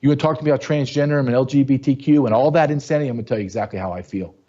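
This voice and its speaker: A man's voice: mid-range voice, very fast, dull audio. Blunt, ranting male host. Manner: blunt, angry, ranting with sharp rises. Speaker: show host. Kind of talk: opinionated commentary monologue.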